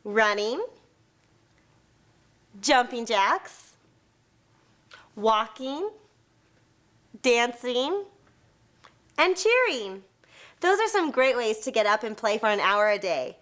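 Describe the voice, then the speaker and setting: An upbeat woman cheerleader who leads the students through a call-and-response cheer. Her voice is high and bright, and her pitch swings widely as she talks. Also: sing-song, slow, long pauses.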